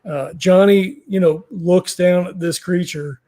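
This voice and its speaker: A man's voice: high-pitched, steady tone, measured pace, mellow. A man running a tabletop horror game as game master, rambling with many fillers and restarts.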